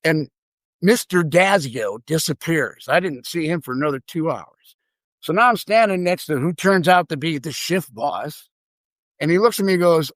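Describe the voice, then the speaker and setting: An older man tells a story from his past as a guest. He is lively and slips into other people's voices. His voice sits a little high for a man, and the sound is close and dry. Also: moderate pace, no echo. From Chicago, United States. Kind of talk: anecdotal storytelling.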